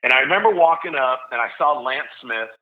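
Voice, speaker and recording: Man, 40s, from Tennessee, podcast guest, animated slangy storytelling, acts out quoted voices, tinny phone-like sound. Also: medium pitch, fairly quick. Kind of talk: casual storytelling.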